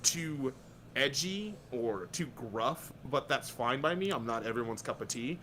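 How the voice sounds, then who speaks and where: A man's voice: medium pitch, lively intonation, a little slow, pushed and bright, slight background noise. A man speaking as a podcast guest in casual chat, blunt and profane, talking straight over a VR headset mic.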